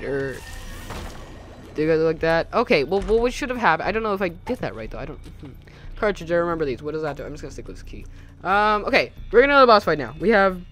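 Young guy chattering over his gameplay, kinda high voice, goofy and jumpy, faint music behind. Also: fairly bright tone. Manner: rambling, jokey, self-mocking, easily startled. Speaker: gameplay commentator. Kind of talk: casual let's-play commentary.

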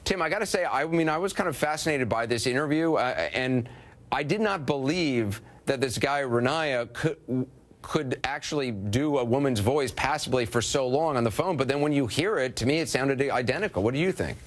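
A man's voice: medium pitch, lively intonation, moderate pace. A man anchoring a TV news segment, asking direct, probing questions. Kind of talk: TV news interview.

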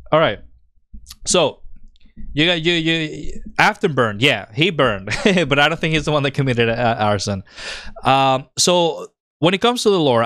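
A man streaming a game live, rambling excitedly through story theories with frequent fillers. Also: medium pitch, no echo, studio quality.

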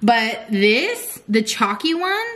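A woman's voice: on the high side, big pitch swings, slow, a bit bright. A young woman in her twenties chatting casually with family and her dog while vlogging at home. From Southern California. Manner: playful, chatty, talks to her dog and viewers. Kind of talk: casual family vlog chat.

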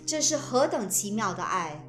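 A woman interpreting a sermon phrase by phrase with expressive phrasing. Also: mid-range voice, normal speed, echoey room, soft background music.

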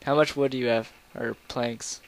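A young man commentating a video game in a casual, rambling, goofy way, with sudden loud outbursts. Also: mid-range voice, steady tone, normal speed, gravelly. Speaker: gameplay commentator.

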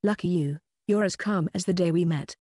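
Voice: medium pitch, fairly quick, dark tone, no room sound, studio quality, lightly acted. A narrator reading an irritable young chef. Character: irritable young male chef, quick to explode.

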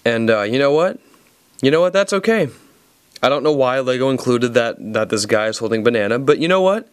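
A man's voice: mid-range voice, animated, fairly quick, clear, resonant tone, no room sound. A man with a Southern American accent, reviewing a toy set in a rambling, jokey, playful way. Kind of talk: casual video review.

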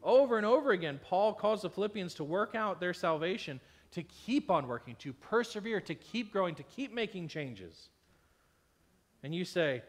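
A man's voice: high-pitched, expressive, moderate pace. A man preaching a sermon as pastor, emphatic, acting out imagined complaints in quoted voices, sounding a little unwell and tired. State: unwell, tired with stomach ache.

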